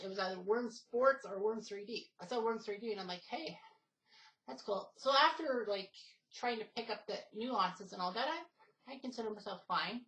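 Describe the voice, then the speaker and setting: A woman talks casually on her own gaming channel, wandering from point to point. She often stops on "um" and restarts her sentences. Her voice sits at an ordinary pitch for a woman. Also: fairly bright tone, low-quality recording. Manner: rambling, many fillers and restarts. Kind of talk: casual gaming video talk.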